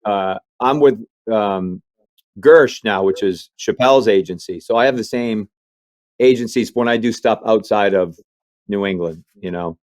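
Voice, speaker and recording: A comedian from Maine telling animated stories in an interview, acting out other people's voices as he goes. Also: lowish voice, measured pace, no echo. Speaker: comedian guest. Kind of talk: storytelling interview chat.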